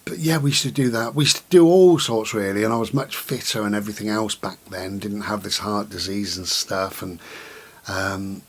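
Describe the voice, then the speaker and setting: Husky-voiced middle-aged man. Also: on the low side. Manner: slow and gentle, many ums and repetitions. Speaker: vlogger. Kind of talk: reflective vlog talk to camera.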